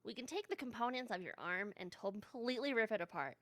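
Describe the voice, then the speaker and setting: A woman's voice: fairly high pitch, lively intonation, fast, no echo, studio quality. A woman chatting playfully and rambling in a casual talk.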